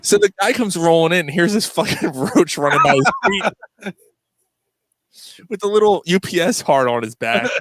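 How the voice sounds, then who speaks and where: A man's voice: on the high side, moderate pace, long pauses, dry recording. A man telling a rowdy story to friends, cursing and laughing often. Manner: profane, laughing, animated, acts out voices in quotes. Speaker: podcast co-host.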